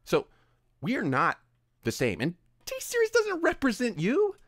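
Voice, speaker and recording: A man's voice: extremely high pitch, wildly swooping pitch, a little slow, fairly bright tone, no room sound, clean studio sound. A man giving an opinionated commentary rant, emphatic and exasperated, scolding his audience. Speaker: video commentator.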